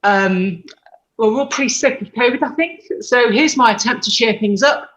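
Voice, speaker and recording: A woman's voice: on the high side, normal speed, fairly bright tone, low-quality recording. Woman doctor giving a talk. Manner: earnest, explanatory, with self-corrections. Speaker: doctor presenting. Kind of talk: conference presentation over video call.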